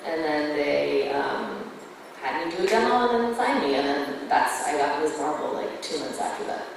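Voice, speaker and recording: A woman's voice: low-pitched, lively intonation, moderate pace, vocal fry, noisy background. A woman voice actor chatting in a giggly way on a convention panel, full of fillers. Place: convention hall. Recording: echoey hall from far off.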